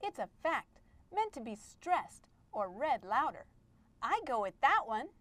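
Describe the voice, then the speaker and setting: A woman's voice: high-pitched, big pitch swings, measured pace, background noise. A woman voicing a bubbly, eager exclamation-mark character in a children's educational puppet skit, talking cheerfully. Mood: excited. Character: bubbly excited exclamation-mark pal, a girl.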